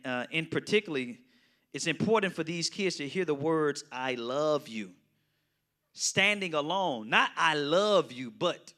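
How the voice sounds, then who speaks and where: A man leads a Bible study as a pastor, talking to his listeners in a loose, conversational way. His voice is bright and forceful and sits a little high for a man. He keeps turning to the room with quick questions as he teaches. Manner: conversational, often asks the audience "right?".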